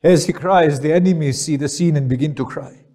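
A man's voice: fairly high pitch, fairly quick, warm tone. A male preacher narrating a mournful sermon in a solemn voice that rises into lament.

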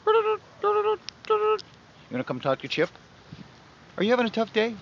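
Man, high voice, sing-song baby talk to animals, outdoor parking-lot vlog on dull lo-fi camera audio. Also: big pitch swings, fast talker, a little hiss or hum. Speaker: vlogger.

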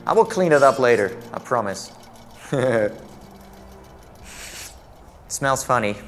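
Jumpy, animated man commenting on a game. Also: medium pitch, slow pace, faint music behind. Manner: jumpy and jokey, exclaims and laughs at the game. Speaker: VR gameplay commentator. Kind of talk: let's-play commentary.

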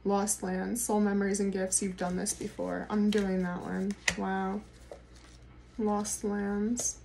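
An excitable woman reads tarot cards in a casual, swearing monologue, often laughing as she goes. Her voice sits at a middle pitch. A faint hiss of noise runs behind her. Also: slow, gravelly. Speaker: tarot reader.

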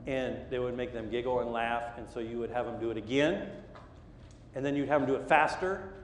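A man's voice: medium pitch, fairly quick, roomy sound, in a large hall, slight background noise. A middle-aged man preaching a sermon, telling a story with lots of energy and acting out the voices and sounds. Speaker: pastor. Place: church sanctuary.

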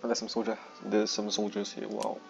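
A man's voice: fairly low pitch, level tone, fairly quick, vocal fry, muffled recording, music in the background. A man giving casual gameplay commentary, often exclaiming in frustration at the game.

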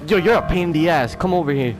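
Jumpy man yelling at a horror game. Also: a little high, expressive, fast talker, over music. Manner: jumpy, loud, swears, talks to the game. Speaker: gaming video host. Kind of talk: let's play horror game commentary.

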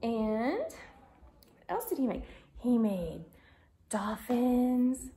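Very slow, animated woman teaching small children. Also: a little high. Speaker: children's Bible class teacher. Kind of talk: sing-song children's lesson with songs and animal sounds.

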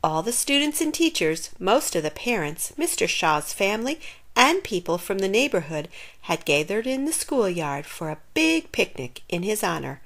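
A woman reading a children's picture book aloud with expressive storytelling. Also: medium pitch, moderate pace. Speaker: narrator.

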